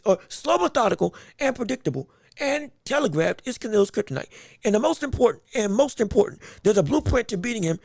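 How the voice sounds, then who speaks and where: Gravelly, excitable man hosting a live stream. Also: very high-pitched, dry recording, clean studio sound. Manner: excitable, breaks into laughter, stumbles and restarts, shouts greetings to viewers. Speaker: podcast host. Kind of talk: live-stream boxing talk, reading chat comments.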